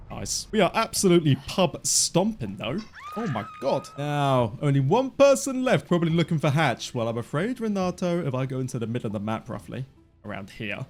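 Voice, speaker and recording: Excitable young man commentating gameplay. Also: mid-range voice. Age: 20s. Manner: excitable, cheers his own plays. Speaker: gaming streamer.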